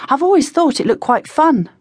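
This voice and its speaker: A woman's voice: high voice, very animated, normal speed, no room sound, clean studio sound, voice pushed up. A woman voicing an eager, slightly anxious teenage boy. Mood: earnest.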